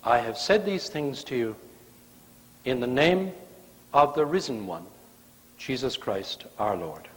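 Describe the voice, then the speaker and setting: A man's voice: mid-range voice, expressive, slow pace, long pauses. A male guest preacher delivering a sermon, telling stories with playful, acted-out quotes. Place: church sanctuary. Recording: long church reverb.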